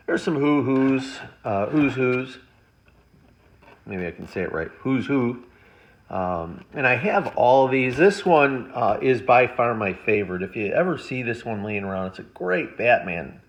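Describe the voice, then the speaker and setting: A man with a lowish voice talks casually to his viewers as he unboxes a haul. His delivery is rambling and conversational, and he keeps talking while he flips through each item. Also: gravelly, a bit bright, a little hiss or hum. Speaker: comic collector vlogger.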